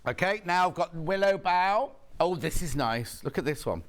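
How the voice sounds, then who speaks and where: A man's voice: high voice, lively intonation, moderate pace, fairly bright tone. A man presenting live on a TV shopping channel, chatty and teasing the off-camera crew, a bit sniffly with hay fever. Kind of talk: live on-air selling chat.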